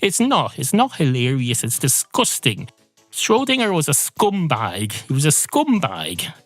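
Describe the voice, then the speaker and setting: A man's voice: on the high side, huge pitch swings, a little slow, no echo, soft background music. A man ranting through a sweary, absurd comic monologue as podcast host.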